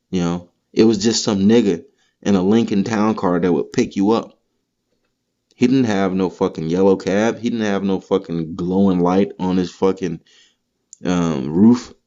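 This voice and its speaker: A man's voice: lowish voice, warm tone. A man hosting a podcast, delivering a heated, profane, rambling comedic rant. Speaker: podcast host. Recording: dull lo-fi recording.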